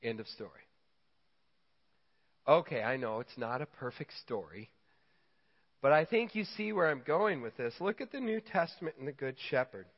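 A man preaching a sermon, telling stories and acting out quotes with lively emphasis. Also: mid-range voice, moderate pace, long pauses. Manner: storytelling, animated quoting. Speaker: pastor. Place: church hall. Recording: dull sound in a reverberant church hall.

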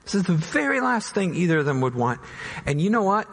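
A male pastor preaching a dramatic sermon, voicing doubters in high anguished tones and dropping to soft, slow pleas. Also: big pitch swings. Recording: long hall reverb.

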